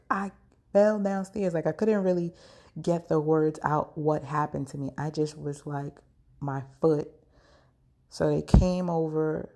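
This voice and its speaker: A woman with a low, gravelly voice tells a personal story on her podcast. She talks in an unhurried, chatty way, leaning on fillers and frank asides. Her delivery is relaxed and unscripted. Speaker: podcast host.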